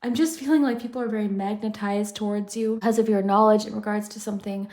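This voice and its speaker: A woman's voice: medium pitch, fairly even intonation, quick pace, a little mellow. A woman doing a pick-a-card tarot reading, chatty and reflective, often saying "I feel like". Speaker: tarot reader.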